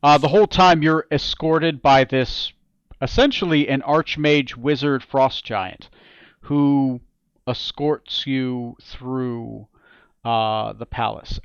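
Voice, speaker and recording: A man narrating as game master, relaxed and full of fillers and repeated words. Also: medium pitch, takes it slowly, clean tone, dry recording, muffled recording.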